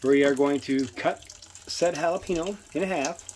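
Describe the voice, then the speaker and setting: Male home-cook host, rambling and self-mocking, a bit high-voiced, recorded in a kitchen. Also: normal speed, darkish tone, a little hiss or hum. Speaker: cooking video host. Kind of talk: casual cooking demonstration.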